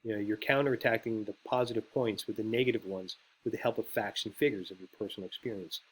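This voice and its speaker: A man's voice: fairly low pitch, steady tone, fast, breathy edge. A man giving a casual lecture on speechwriting, rambling and conversational, with lots of filler words. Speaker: teacher.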